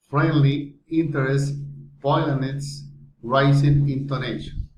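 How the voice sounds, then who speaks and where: Slow careful man reading drills. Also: medium pitch, steady tone, slight background noise. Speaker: phonetics student. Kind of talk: reading pronunciation drill aloud. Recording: dull echoey room recording.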